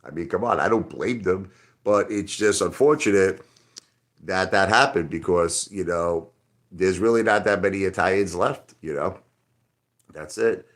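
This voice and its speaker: A middle-aged man with a deep voice hosts a casual livestream. He rambles from one point to the next and answers his chat directly in a loose, conversational way. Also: measured pace. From Brooklyn, New York. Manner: rambling, talks straight to chat. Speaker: livestream host.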